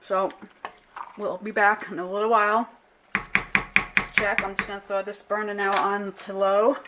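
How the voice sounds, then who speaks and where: A woman's voice: mid-range voice, flat delivery, normal speed, heavy background noise. A middle-aged woman talking through a home cooking demonstration in a casual, unpolished way, often stopping to correct herself. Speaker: home cook vlogger. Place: home kitchen. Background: clinking pots, pans and cutlery.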